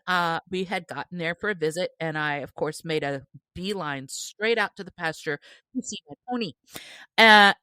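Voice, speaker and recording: A woman co-host tells a story with plenty of energy and laughter. Her voice is bright and forceful, recorded close and dry. She breaks into shouted quotes now and then. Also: fairly low pitch, dry recording. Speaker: podcast co-host. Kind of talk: animated storytelling.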